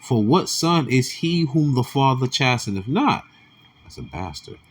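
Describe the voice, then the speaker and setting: A man delivers casual religious commentary in a mid-range voice that swings widely in pitch. He reads scripture slowly, then drops into low, mumbled asides and slangy remarks. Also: husky. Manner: animated, slips into slang, quiet asides.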